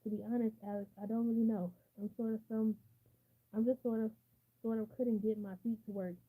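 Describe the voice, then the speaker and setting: A woman's voice: on the high side, little pitch movement, fairly quick, narrow, tinny audio, lightly acted. A woman reading the part of an anxious middle-aged woman who hesitates and trails off. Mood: shaken. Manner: hesitant, trailing off mid-sentence.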